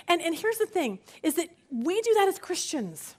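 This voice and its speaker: A middle-aged woman teaching a women's Bible study, earnest and lively, often repeating words and joking with the group. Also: very high voice, moderate pace.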